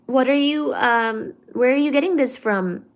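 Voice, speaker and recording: A woman hosting a casual live stream, reading viewer comments aloud and teasing back in a careful, clearly articulated way. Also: high voice, measured pace. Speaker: livestream host.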